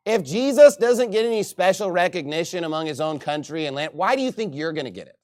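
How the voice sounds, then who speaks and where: A man from Texas preaching a sermon in a lively, joking and emphatic way. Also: high voice, fast talker.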